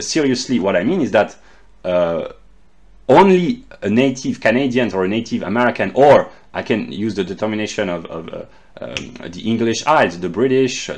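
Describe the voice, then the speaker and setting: A man from France with a French accent, speaking English as a second language and giving an unscripted philosophy lecture, often halting and repeating words. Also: lowish voice, expressive.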